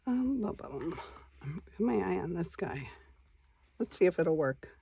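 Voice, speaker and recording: A woman hosting a casual crafting vlog, talking quietly to herself as she works. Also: fairly low pitch, lively intonation, moderate pace, creaky, breathy edge. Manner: quiet, mutters to herself while working. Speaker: crafting channel host.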